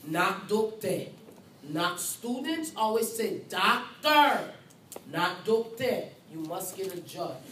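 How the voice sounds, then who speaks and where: Slow emphatic woman teaching nursing, repeats herself a lot, recorded far from the mic in an echoey room. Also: lowish voice, expressive, a little hiss or hum. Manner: emphatic, repetitive, speaks as the patient in first person. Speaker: nursing instructor. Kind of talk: classroom lecture. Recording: roomy, far from mic, faint ambience.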